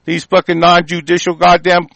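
A man delivering an angry, profane political rant, heated and forceful. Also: sits high, monotone, moderate pace, creaky, dry recording, low-quality recording. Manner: heated, profane, shouting tirade.

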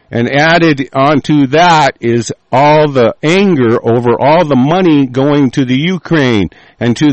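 A man hosting a show, reading aloud with halting fillers and breaking into profane, furious rants. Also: medium pitch, no echo, rough recording. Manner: hesitant, many fillers while reading.

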